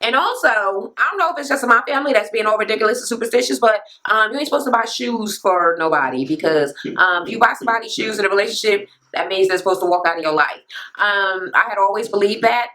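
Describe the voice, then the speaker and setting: A woman's voice: mid-range voice, bright, forceful tone. Sassy, profane woman ranting. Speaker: reality TV recap host. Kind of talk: casual ranting recap. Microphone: camera mic.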